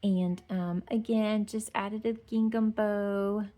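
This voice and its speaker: A home decor vlogger stands on her outdoor porch for a casual tour of her decorations, chatty and gushing, full of fillers and sweet little comments. Her mid-range voice is warm, slow, and fairly even in intonation.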